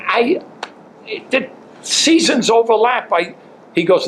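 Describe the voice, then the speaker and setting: An older man, a former coach, telling an animated story as an interview guest. He chuckles between lines and jumps his pitch when quoting people. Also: unhurried, long pauses, slight background noise, poor audio. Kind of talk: storytelling anecdote.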